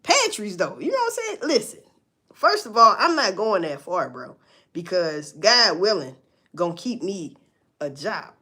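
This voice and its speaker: Blunt, lively woman streamer. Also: mid-range voice, normal speed. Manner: blunt, profane, preachy, talks straight to viewers. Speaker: social media commentator. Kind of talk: casual live-stream commentary.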